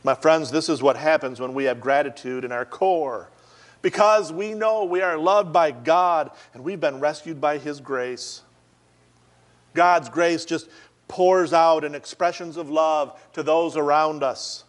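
Earnest preacher man, higher voice. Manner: earnest storytelling preacher, slows for emphasis. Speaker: pastor. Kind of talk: sermon.

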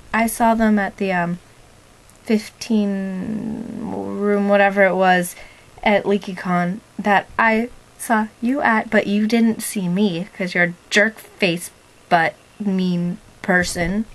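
A young woman making a chatty, rambling video diary for her boyfriend, excitable and fond. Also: medium pitch, low-quality recording. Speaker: vlogger. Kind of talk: casual video diary to a partner.

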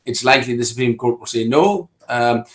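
A middle-aged Scottish man speaks as an interview guest in a mid-pitched voice. He talks his way round a point, often restarting and repeating words before carrying on. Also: brisk, fairly bright tone. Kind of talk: conversational political discussion.

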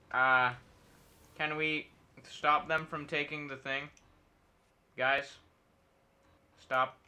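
A man's voice: mid-range voice, pushed and bright. A young adult man streaming a game, rambling casually and silly, talking to himself and the enemies and making nonsense noises. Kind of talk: casual gameplay commentary.

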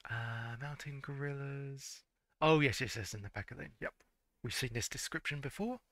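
A man's voice: medium pitch, moderate pace, fairly bright tone, dry recording. A man, casually commenting on a retro game and reading its text aloud, stumbling and correcting himself with frequent laughs. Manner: stumbling over words, self-correcting, laughing. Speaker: let's-play host.

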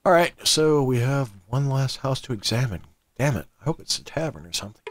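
A man's voice: medium pitch, big pitch swings, fairly quick, no room sound. A man hosting a let's play, joking casually and reading out game text. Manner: laid-back, joking. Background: game music.

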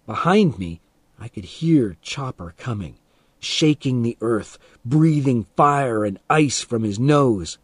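A man reading a first-person story aloud as an audiobook narrator, calm and expressive, for English learners. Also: mid-range voice, slow pace, husky, no room sound.

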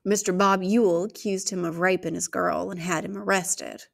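A woman's voice: fairly low pitch, moderate pace, vocal fry. A woman reading aloud, voicing a patient, plainspoken older housekeeper. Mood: weary. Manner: calm, plainspoken.

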